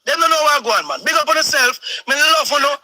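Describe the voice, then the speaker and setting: A man's voice: very high voice, fast talker, sharp tone, no room sound, poor audio. A man with a Jamaican accent giving impassioned political commentary as a stream host, switching between patois and standard English. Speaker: host of a live talk stream.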